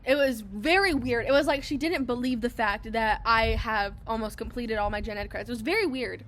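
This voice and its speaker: A young woman hosting a podcast tells a story in casual chat from a public place, animatedly acting out other people's lines in quotes. Her fairly high voice moves a little fast, with slight background noise.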